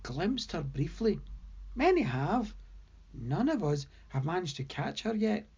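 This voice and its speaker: A woman's voice: lowish voice, sing-song, measured pace, dark tone, husky, highs cut off, exaggerated voice. A woman voicing a teasing, mocking female demon with cloven hooves in an audio story. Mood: knowing.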